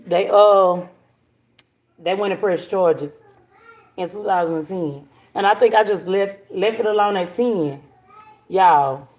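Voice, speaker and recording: Woman hosting a live stream; blunt, animated storyteller who swears freely. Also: fairly low pitch. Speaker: livestream host. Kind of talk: casual storytelling to viewers.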